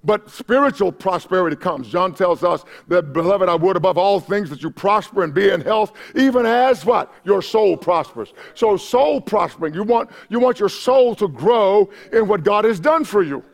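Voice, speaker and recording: A male pastor preaching from the pulpit, his voice pitched high with a gravelly rasp. He builds to shouted peaks, stumbles over repeated words, and drops back to a conversational tone. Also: expressive, moderate pace, hardly any pauses. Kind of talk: sermon. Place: church sanctuary.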